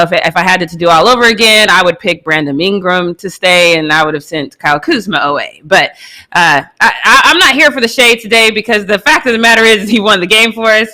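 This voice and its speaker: Woman, sports co-host, candid and conversational, bright forceful voice. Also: mid-range voice. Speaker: live show co-host. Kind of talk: casual sports opinion chat.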